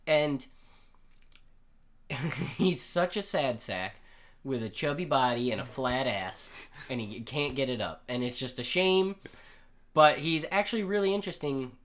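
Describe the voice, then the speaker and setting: A man's voice: mid-range voice, expressive, measured pace, pauses often, a bit bright. A man co-hosting a casual podcast, rambling and joking as he recaps a story, swearing freely. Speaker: podcast co-host. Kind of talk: casual comic chat.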